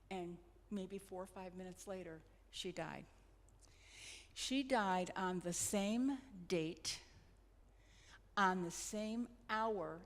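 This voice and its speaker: A middle-aged woman, a hospice nurse, telling personal stories in a gentle, reflective, sometimes halting way. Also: on the low side. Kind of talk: personal storytelling talk. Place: church hall. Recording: long hall reverb.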